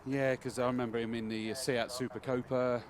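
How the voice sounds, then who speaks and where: A man's voice: mid-range voice, flat delivery, moderate pace, a crowd in the background. A man with a Bristolian accent co-commentating on club racing, chatting easily and recalling drivers' past cars. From southwest England. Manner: chatty, recalls drivers' history, asks his partner questions. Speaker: motorsport co-commentator. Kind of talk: live race commentary.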